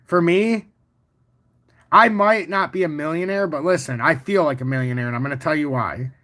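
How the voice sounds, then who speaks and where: A man hosting a casual crypto livestream, walking through charts and chatting with viewers in a boastful, profane, animated way. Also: a little high, normal speed. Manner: boastful and confident. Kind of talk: casual livestream chart talk, answering chat.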